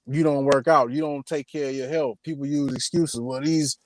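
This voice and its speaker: A man's voice: a little high, steady tone, fairly quick, dry recording. A man speaking as a guest on a podcast, laid-back and blunt in a casual, street-style way.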